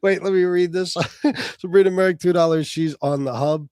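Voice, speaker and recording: A man hosting a livestream, arguing in a heated, profane and mocking way, sometimes shouting. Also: sits high, normal speed, smooth, no room sound, clean studio sound. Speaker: livestream host.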